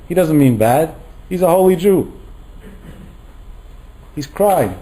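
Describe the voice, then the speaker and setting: A man's voice: on the high side, slow, poor audio. A middle-aged man giving a Torah lecture as a rabbi, telling stories and acting out the voices he quotes. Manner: animated, acts out quoted voices.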